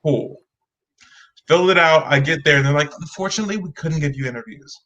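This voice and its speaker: Bright, lively young man telling stories. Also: on the high side, brisk, poor audio. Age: young adult. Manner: lively, acts out voices in his stories. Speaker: guest. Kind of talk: animated storytelling. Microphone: video call.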